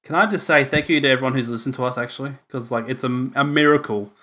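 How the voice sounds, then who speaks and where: A man's voice: mid-range voice, quick pace, sharp tone. A young Australian man co-hosting a casual podcast, joking around and slipping into goofy voices. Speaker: podcast co-host. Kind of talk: casual chat.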